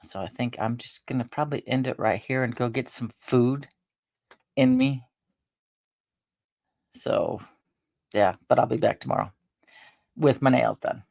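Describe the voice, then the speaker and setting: A woman hosting a casual live stream, rambling along with halting restarts and fillers, sounding tired and drained. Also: very deep voice, creaky, a little mellow, no room sound. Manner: meandering, halting talk with many restarts and fillers. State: tired and drained after a stressful day. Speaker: livestream host.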